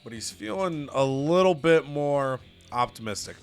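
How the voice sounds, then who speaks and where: A man's voice: medium pitch, expressive, a little slow, clean tone, faint music behind. A man casually and playfully recapping events from a wrestling video game season.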